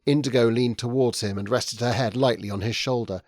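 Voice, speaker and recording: A man reading a novel aloud as audiobook narrator, in measured, wry scripted narration. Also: mid-range voice, steady tone, darkish tone, no echo.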